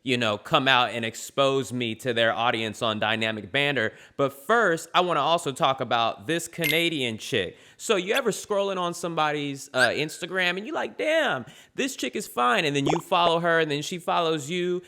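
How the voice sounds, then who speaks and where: A brash young-sounding man rants in a boastful, trash-talking way, with a bright, forceful tone pitched a little high. He delivers comedic commentary straight to his viewers. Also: expressive, moderate pace, few pauses. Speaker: YouTube commentator.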